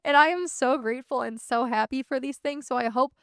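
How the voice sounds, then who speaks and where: Woman, 30s, podcast host; high, clear voice, casual swearing, dry close sound. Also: brisk, no echo. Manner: candid, earnest, swears casually. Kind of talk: reflective solo podcast monologue.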